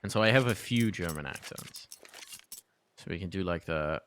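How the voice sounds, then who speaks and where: A man casting an esports match with a bright, forceful voice that sits a little low. He calls the action fast and energetic, leaping into sharp high shouts on big plays. Between rounds he slips into loose, rambling chat. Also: clear, resonant tone. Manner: energetic, jumps to high exclamations. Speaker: esports caster. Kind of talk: excited play-by-play commentary.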